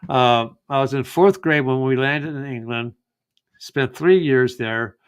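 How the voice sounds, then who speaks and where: A man's voice: medium pitch, a little slow, smooth. A middle-aged man hosting a live genealogy show, chatting casually with lots of fillers and restarts. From United States. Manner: rambling, many fillers and restarts. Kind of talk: casual live-stream chat.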